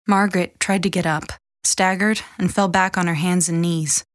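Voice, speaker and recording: A woman with a voice on the low side narrates a novel as an audiobook narrator, measured and even. The scripted reading has studio quality with no room sound.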